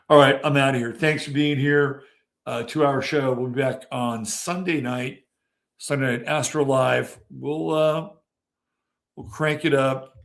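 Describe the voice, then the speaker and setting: Gravelly-voiced male podcast host. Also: medium pitch. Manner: casual, rambling, swears freely. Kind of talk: casual commentary.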